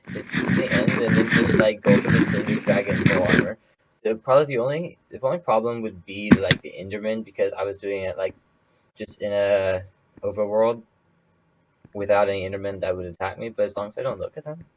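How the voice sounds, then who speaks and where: A man's voice: lowish voice, heavy background noise. A young man casually commenting on his own gameplay, thinking aloud and rambling with lots of fillers. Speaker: gameplay video host.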